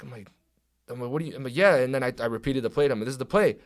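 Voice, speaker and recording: On a podcast, a young man who wrestles professionally tells an animated, swear-filled story as a guest, voicing the quoted dialogue of others. He talks quickly in a mid-range voice.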